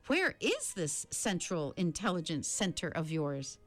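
A woman reading the part of a small boy who speaks briskly and severely. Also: on the low side, wildly swooping pitch, faint music behind, exaggerated voice.

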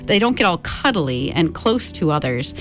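A woman's voice: on the low side, sing-song, moderate pace, a bit bright, soft background music. A woman reading a picture book aloud as storyteller, talking directly to her listeners in a friendly way.

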